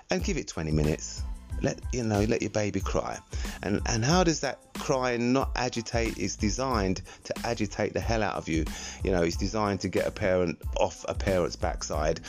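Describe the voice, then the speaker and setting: A man's voice: lowish voice, a little mellow. An older man hosting a solo podcast, telling stories in a rambling, laid-back, chatty way. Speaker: podcast host. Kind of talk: reflective solo storytelling podcast.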